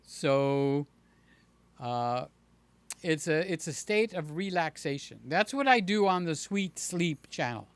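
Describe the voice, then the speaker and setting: With lively intonation and a smooth voice, a man runs a relaxed livestream, reading the chat aloud and talking back to viewers by name at a slow, chatty pace. Playfully, he sometimes shifts into a high voice to entertain a child. There's no room sound.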